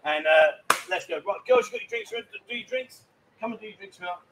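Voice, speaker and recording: Chatty male host, pitched high, teasing guests between bar-side segments. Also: animated, normal speed, a little hiss or hum, low-quality recording. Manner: cheeky, bantering, loud asides. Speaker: live stream host. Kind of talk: casual live-stream banter. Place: busy bar.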